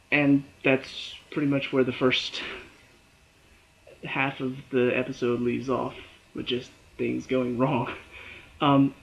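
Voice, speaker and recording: A man with a fairly high voice talks through a TV episode on his own, lively and quick to act out what the characters say. The recording is dull and lo-fi. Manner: animated, acts out characters' lines and his own reactions. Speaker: TV show reviewer. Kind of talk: casual solo review.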